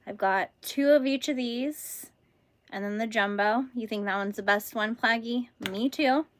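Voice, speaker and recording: Her voice a little high and the recording dry, a young woman from California, speaking with a Californian accent, runs a laid-back crochet livestream. She's bubbly, chatting with her viewers and laughing a lot.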